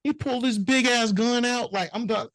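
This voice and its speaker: A middle-aged man, a notary business owner, telling animated, profane anecdotes in a casual interview and acting out the people in them. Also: very high voice, moderate pace, no echo, rough recording.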